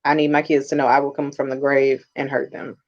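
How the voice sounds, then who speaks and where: A woman's voice: a bass voice, little pitch movement, a little fast, darkish tone. A woman hosting a podcast in a casual chat, speaking candidly and bluntly about raising her kids as a mother. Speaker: podcast host. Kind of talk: casual conversation. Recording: dull, muffled lo-fi audio.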